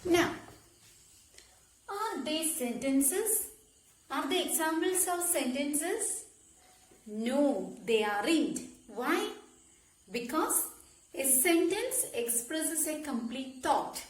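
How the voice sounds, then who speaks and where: A woman teacher explaining a grammar lesson slowly, repeating key words and checking with "okay?". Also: sits high, animated, roomy sound. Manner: slow, repetitive explaining with frequent "okay?" checks. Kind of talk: classroom lesson.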